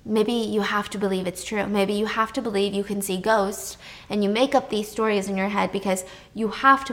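A woman's voice: mid-range voice, natural voice. A woman voicing a frustrated male psychiatrist who presses and dismisses his patient.

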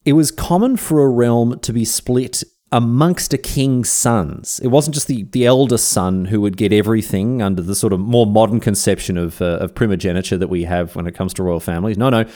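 A man's voice: fairly low pitch, a little fast, dark tone. An Australian man hosting a history podcast, telling the story in a chatty, slangy way. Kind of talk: casual history narration.

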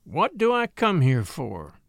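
A man voicing a grim, rough frontier blackmailer who drawls in backwoods dialect and talks with quiet menace, read in a storybook narration. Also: high-pitched, big pitch swings, moderate pace, no room sound, clean studio sound, pitched above the performer's own voice, exaggerated voice. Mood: menacing.

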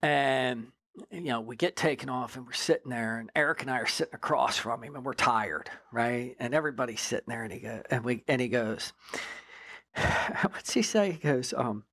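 A man's voice: medium pitch, normal speed, dry recording. A man, a former drug agent, telling a story in a casual interview, full of swearing and frequent "right?" check-ins. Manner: profane, animated storyteller who keeps checking in with "right?".

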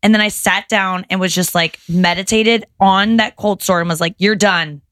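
A young adult woman telling stories in casual podcast chat, animated and swearing freely. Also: medium pitch, normal speed.

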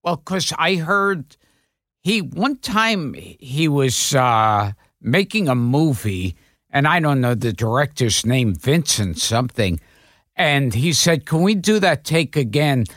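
A man hosting a podcast, telling showbiz anecdotes with lively delivery. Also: medium pitch, takes it slowly, dry recording, studio quality. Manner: animated storyteller. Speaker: host. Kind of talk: casual chat, anecdotes.

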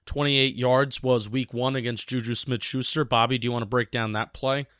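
A young man co-hosting a casual sports talk show, leading segments in a measured way. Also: medium pitch, steady tone, fairly bright tone, clear, resonant tone. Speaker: podcast co-host.

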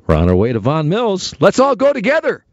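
A middle-aged radio host delivers a joking, theatrical monologue. His pitch swings widely from low to high. The sound is dry and slightly dull, with no room around it. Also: quick pace, no echo. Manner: animated, jokey, theatrical. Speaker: radio talk show host.

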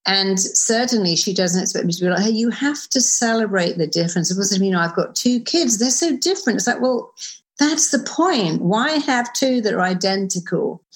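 A middle-aged woman who is a therapist and author, speaking as an interview guest in an animated, emphatic way with quick asides. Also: mid-range voice. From United Kingdom. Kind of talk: conversational interview.

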